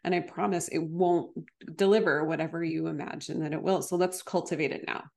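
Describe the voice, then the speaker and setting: A woman hosting a podcast and sharing coaching ideas in casual conversation, animated, with sudden high exclamations. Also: brisk, vocal fry. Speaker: podcast host.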